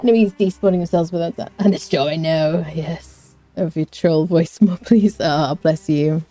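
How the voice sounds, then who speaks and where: A woman's voice: deep voice, moderate pace, dark tone, soft background music. A woman streaming a game, chatting casually, rambling, humming little tunes and answering her chat. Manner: chatty, rambling, hums and scats to herself, reads chat. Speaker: gaming streamer. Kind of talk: casual live-stream chat while playing.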